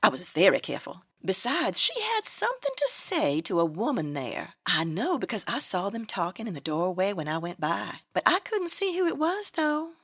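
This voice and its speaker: A woman's voice: medium pitch, huge pitch swings, normal speed, hardly any pauses, fairly bright tone, husky, dry recording, clean studio sound, heavily acted. A woman playing a gossipy Southern belle hotel desk clerk with a strong Southern US accent in a comedy audio drama. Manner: sugary, nosy, theatrical.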